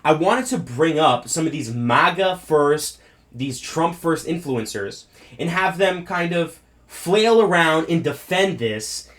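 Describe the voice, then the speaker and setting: A man's voice: a little high, fairly bright tone. A man commenting on the news in a blunt, rambling style, with profanity and asides. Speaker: political commentator. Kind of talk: commentary video.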